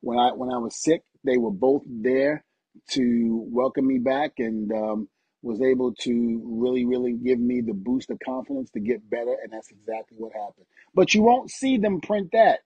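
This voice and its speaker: Middle-aged man, podcast guest, husky and warm, animated storyteller, dry dull recording. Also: mid-range voice, moderate pace, dry recording. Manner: animated storytelling, acts out quotes. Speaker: podcast guest, retired wrestler. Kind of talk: casual interview chat.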